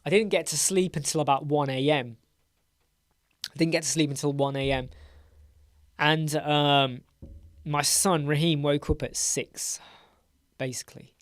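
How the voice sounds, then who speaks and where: A middle-aged man from England hosts a relaxed live Q&A, sleepy and yawning and rambling in a friendly way. His voice sits a touch high for a man. The sound is close and dry, with no room around it. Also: unhurried, long pauses, dry recording. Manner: chatty, greets viewers by name, repeats words. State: tired, yawning. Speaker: livestream host. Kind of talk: casual live Q&A chat.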